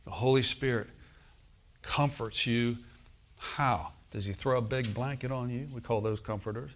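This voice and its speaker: Man, pastor, sermon, mid-pitched voice, call-and-response asides, loud swells and soft hushed lines. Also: normal speed. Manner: swings from loud emphasis to soft intimate tones.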